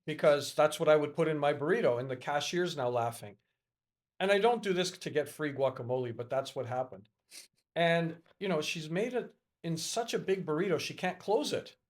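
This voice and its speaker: Middle-aged male podcast guest, higher voice, animated storyteller who acts out the quoted dialogue. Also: moderate pace. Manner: lively, acts out dialogue in a raised voice. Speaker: podcast guest, educator and networker.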